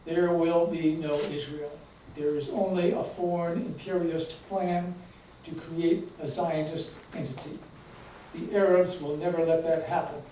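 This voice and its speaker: A man's voice: on the high side, flat delivery, a little slow, warm tone, natural voice. A man voicing an angry older male army recruiter who talks down with scorn, read aloud in an echoey hall. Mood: stern. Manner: scornful, raising his voice. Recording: echoey hall, mic from far off, faint noise.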